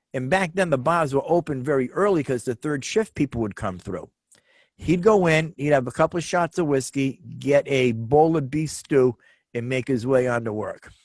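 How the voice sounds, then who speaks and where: Animated storytelling man, slightly high. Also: dry recording. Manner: animated, repeats words for emphasis. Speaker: co-host. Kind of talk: casual chat, storytelling.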